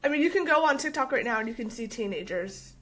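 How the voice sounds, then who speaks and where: High-voiced, indignant woman podcast co-host. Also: expressive, fast. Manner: indignant, forceful and insistent. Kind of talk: casual podcast chat.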